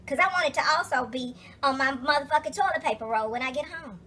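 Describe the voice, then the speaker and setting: A young woman with a high voice tells a story in one long, profane rant. Her tone is bright and sharp, and she keeps coming back to her exasperation with heavy emphasis. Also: quick pace, hardly any pauses, slight background noise. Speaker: vlogger.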